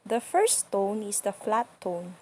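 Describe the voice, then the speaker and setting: Slow, breathy woman teaching. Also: mid-range voice, big pitch swings, dark tone. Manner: patient, demonstrates sounds slowly and repeats them. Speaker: language teacher. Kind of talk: slow instructional lesson.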